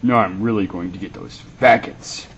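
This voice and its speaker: A man voicing a menacing masked male villain who growls low gloating threats. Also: moderate pace, lightly acted. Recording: muffled home camcorder with faint hiss.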